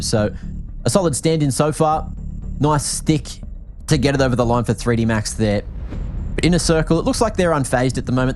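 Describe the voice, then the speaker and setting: A man from Australia with an Australian accent, calling esports play-by-play with quick, excited reads of the action. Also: medium pitch. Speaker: esports caster. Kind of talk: play-by-play commentary.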